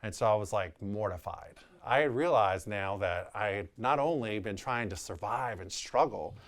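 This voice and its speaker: A man's voice: on the low side, moderate pace. Candid New Orleans man telling a story. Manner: animated, candid, quotes people in their voices. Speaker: real estate agent. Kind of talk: personal storytelling.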